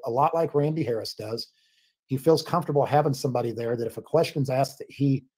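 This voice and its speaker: Husky guy in an interview, earnest, kinda defensive, lots of restarts. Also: medium pitch, darkish tone. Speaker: family spokesman and volunteer. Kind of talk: interview answer.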